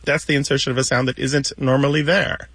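A man co-hosts a radio show about language, speaking into a studio microphone with a dry, close sound. He explains word lore patiently and step by step, at a medium pitch. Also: little pitch movement, brisk, fairly bright tone, breathy edge, dry recording. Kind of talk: casual explanatory radio chat.

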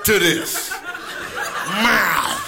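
A man voicing a demanding hungry cat, loud, indignant and bossy. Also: high voice, expressive, very slow, gravelly, noisy background, heavily acted.

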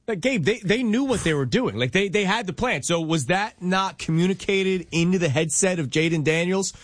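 A man co-hosting a sports talk radio show, arguing his points in an animated, emphatic way. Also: high-pitched, normal speed, no echo, studio quality.

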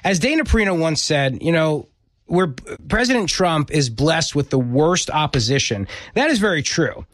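A man's voice: a little high, expressive, moderate pace, dry recording. A middle-aged man hosting a political talk radio show, speaking emphatically and often repeating words as he presses a point.

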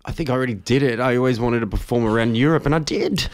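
A man's voice: medium pitch, quick pace. A man, a stand-up comedian bantering and joking in a casual chat. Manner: joking, self-mocking banter. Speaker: stand-up comedian, podcast co-host.

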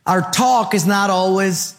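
A male pastor delivering a sermon in a fairly high voice. He asks the congregation questions and leans on rhyming wordplay to make his points. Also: unhurried, in a large hall.

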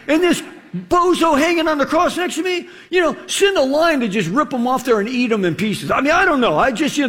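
High-voiced animated male preacher. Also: fairly quick. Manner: animated, rhetorical, acts out quotes. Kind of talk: sermon.

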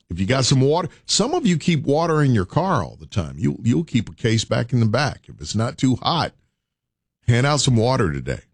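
Man, radio host, lively swooping pitch, dry close studio sound, repeats his call like a preacher. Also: no echo. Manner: urging, preacher-like repetition. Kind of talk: morning radio talk.

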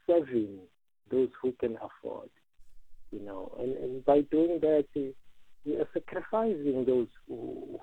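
Male radio caller, earnest and halting, lively pitch, phone-line audio. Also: creaky, husky, no room sound. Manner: hesitant, many restarts, earnest. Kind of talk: phone-in call.

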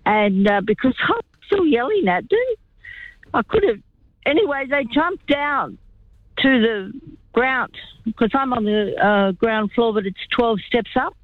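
An older woman phones in to a radio show over a tinny line and tells a long, rambling story full of asides and plenty of "you know." Her voice is on the high side, animated and unhurried, with no room sound.

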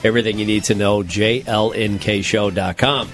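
A man's voice: fairly low pitch, fairly even intonation, moderate pace, fairly bright tone, soft background music. A man co-hosting a casual comedy podcast, reading survey results aloud and cracking jokes along the way. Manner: joking, reads news items aloud with asides. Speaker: podcast co-host.

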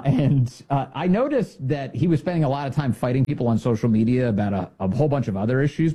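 A man's voice: medium pitch, warm tone. A man hosting a political commentary show, talking in a sarcastic, mocking way and mimicking others in silly voices.

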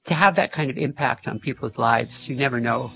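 A man's voice: mid-range voice, a little fast, vocal fry. An older man, a former music teacher, telling stories in an interview and chuckling often as he talks. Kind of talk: interview storytelling. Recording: dull lo-fi recording.

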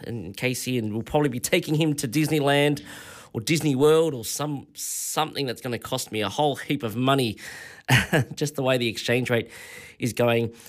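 A man's voice: medium pitch, moderate pace. An Australian man in his forties, a radio host telling rambling travel stories in a casual on-air monologue. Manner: rambling anecdotal storytelling.

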